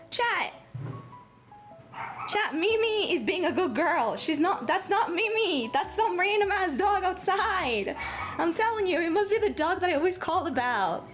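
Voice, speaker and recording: Woman streamer from Latin America, sore throat, high and bouncy, swears, chats to viewers over faint music. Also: normal speed. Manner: animated, swears freely, talks straight to chat. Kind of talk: casual livestream chat. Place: her apartment. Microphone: travel microphone.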